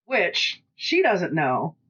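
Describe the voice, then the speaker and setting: A woman with a Pacific Northwest American accent, co-hosting a podcast in casual chat and telling stories with lively quoted dialogue. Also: lowish voice, drawn-out words, slightly rough, dull audio. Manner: chatty storytelling, animated quoted dialogue. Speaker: podcast co-host.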